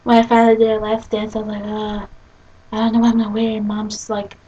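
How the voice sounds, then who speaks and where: A woman's voice: medium pitch, monotone, quick pace, mellow, breathy edge, highs cut off. A young woman chatting casually in a video blog, rambling through stories with lots of giggling and acted-out quotes. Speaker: vlogger. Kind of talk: casual chat. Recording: distant from the mic.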